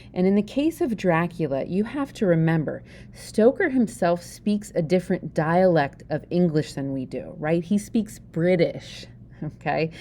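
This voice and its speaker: Woman w/ pennsylvania dutch accent doing a jokey chatty lesson, lowish mellow voice. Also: a little hiss or hum. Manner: chatty, joking, asks the listener questions. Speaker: teacher. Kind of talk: informal video lesson.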